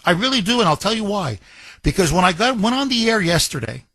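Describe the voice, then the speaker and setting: A man's voice: sits high, very animated, fast, sharp tone, no room sound. A man hosting a talk radio show, speaking in an impassioned, emphatic monologue and repeating phrases for effect. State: recovering from broken ribs.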